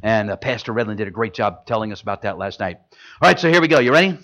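A man's voice: fairly low pitch, lively intonation, fast talker, a bit bright. A man performing stage magic for a live audience, joking with volunteers and tying each trick to a gospel lesson. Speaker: gospel illusionist.

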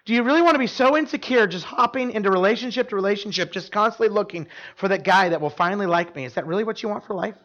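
A man's voice: high voice, rapid-fire, few pauses, fairly bright tone, muffled recording. A middle-aged man preaching a sermon in a conversational way, often repeating words and asking the room questions. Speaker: pastor.

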